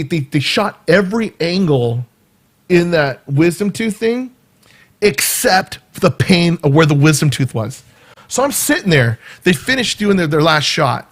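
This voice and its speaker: Guy vlogging a story, lively, does little voices and sound effects, voice on the higher side. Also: normal speed. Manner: animated, acts out quoted voices and sound effects. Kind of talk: casual storytelling.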